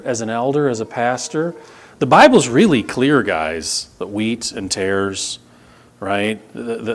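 A middle-aged pastor giving a sermon in a church, conversational and repetitive, swinging between loud emphasis and hushed intensity. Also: male voice, medium pitch. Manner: repeats words, frequent restarts and asides to the congregation.

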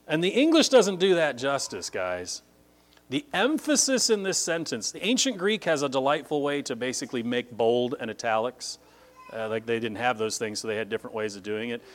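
Animated, emphatic male Bible teacher. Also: normal speed. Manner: emphatic, with sudden high-pitched leaps on key words; conversational, with frequent "like" and restarts.

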